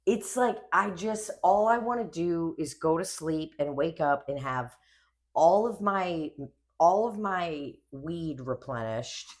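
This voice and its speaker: A woman's voice: low voice, takes it slowly. Rambling, swearing woman podcast host. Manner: rambling, swears a lot, animated storytelling. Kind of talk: casual chat.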